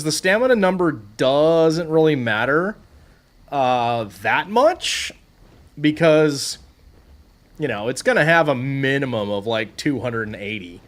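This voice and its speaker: Lively, animated man streaming a game. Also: fairly high pitch. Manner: chatty, talks to animals and himself, swings from muttering to excited squeals. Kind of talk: casual gameplay commentary.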